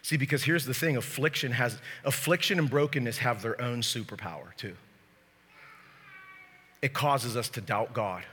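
A man's voice: mid-range voice, normal speed, slightly rough. A man preaching a sermon as pastor in a church, joking with the crowd and speaking to them directly. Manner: lively, joking, talks straight to the crowd. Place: church sanctuary. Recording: long hall reverb.

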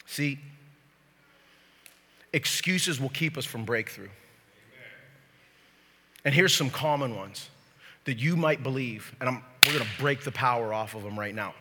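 Sharp-voiced man preaching in echoing hall. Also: mid-range voice, a little slow, pauses often. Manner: lively, joking, talks straight to the crowd. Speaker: pastor. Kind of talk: sermon. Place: church sanctuary. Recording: long hall reverb.

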